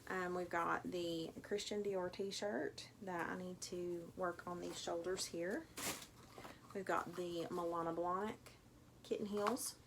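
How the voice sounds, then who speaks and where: Speaking slowly in a steady, lowish voice over a noisy background, a middle-aged thrift reseller vlogger from Tennessee, USA, talks through an unboxing at home. Her Tennessee accent comes through as she rambles casually, saying um a lot.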